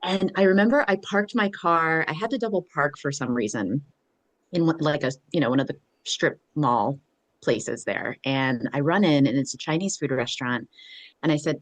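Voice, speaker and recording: A woman from Pennsylvania co-hosting a podcast, telling lively anecdotes and acting out the voices of the people in them. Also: low-pitched, moderate pace. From eastern Pennsylvania, USA. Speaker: podcast co-host. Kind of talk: casual chat.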